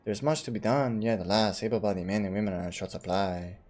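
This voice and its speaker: A man voicing a stately older count, reading game dialogue in a formal, measured way. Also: on the low side, fairly even intonation, a little mellow, lightly acted. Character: stately older male count, grave host.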